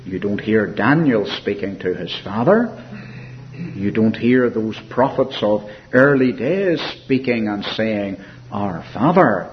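A man preaching a sermon in an earnest, reflective way, softening and slowing when he quotes scripture. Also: lowish voice, lively intonation. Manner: earnest, reflective preaching with soft, slowed quotations. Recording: dull lo-fi recording with faint hiss.

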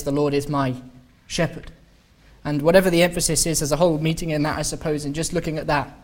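A man preaching at a meeting, unhurried and halting, often restarting phrases and drawing out key words for emphasis. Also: a little high. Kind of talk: sermon-style Bible study talk. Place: meeting hall.

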